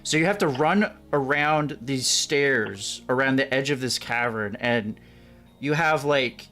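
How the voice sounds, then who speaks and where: A man's voice: medium pitch, measured pace, bright, forceful tone, faint music behind. A man chatting casually with guests while playing a shooter on stream, swearing freely as he goes.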